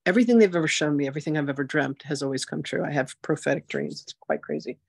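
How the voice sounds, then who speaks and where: A woman in her sixties hosting a spiritual masterclass, telling her story in a chatty, animated way full of "like" and "you know". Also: sits low, fast talker, creaky, husky, no room sound, clean studio sound. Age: 60s. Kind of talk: casual personal storytelling.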